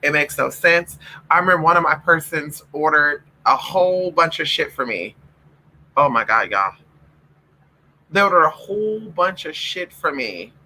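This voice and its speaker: His voice on the high side, pushed and bright with lively intonation, a man vlogs late at night at normal speed, loose and profane. He calls his viewers honey and y'all and coos at and scolds his puppies in a playful pet-talk voice. The recording is low quality.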